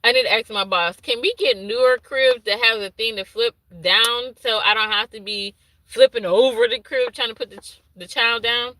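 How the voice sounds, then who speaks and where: A woman who works as an infant daycare teacher, casually telling a story to the camera, animated and laughing, acting out what she said to the babies. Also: on the high side, normal speed, no room sound, low-quality recording. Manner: animated, laughing, acts out her own asides in dialect.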